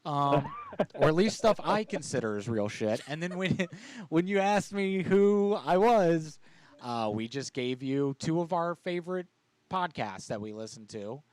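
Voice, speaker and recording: Joking, foul-mouthed male host, mid pitch, dry close mic. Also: lively intonation, a little slow, darkish tone, dry recording. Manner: loose, profane, joking. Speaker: podcast host and prank caller. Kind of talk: casual comedy chat.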